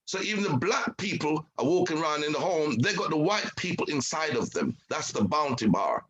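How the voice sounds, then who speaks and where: Emphatic, preachy male host; fairly high, husky voice, heavy on rhetorical questions. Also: sing-song, fairly quick, a bit bright, dull audio. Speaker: show host, guest speaker. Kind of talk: impassioned talk on identity and culture.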